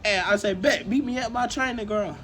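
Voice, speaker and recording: High-voiced man telling a slangy story. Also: fairly quick. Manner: animated and slangy, acts out quoted lines and laughs often. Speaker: co-host telling a fan story. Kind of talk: casual improvised storytelling.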